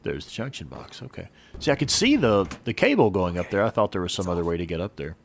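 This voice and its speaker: A man's voice: low-pitched, big pitch swings, quick pace, gravelly, a little hiss or hum. A man co-hosting a gaming livestream, laid-back and chuckling as he plays. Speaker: co-host playing the game. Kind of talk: casual livestream chat.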